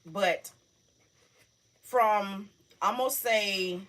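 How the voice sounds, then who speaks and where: A middle-aged woman hosting a casual livestream, talking emotionally and haltingly to her viewers, close to tears. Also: mid-range voice, fairly bright tone. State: on the verge of tears. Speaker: livestream host.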